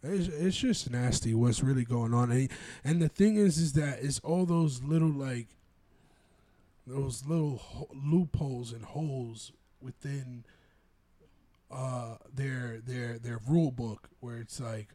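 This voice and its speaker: A young man, co-hosting a casual podcast chat in a laid-back, agreeing way that trails off quietly. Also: medium pitch, a little slow, no echo. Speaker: podcast co-host.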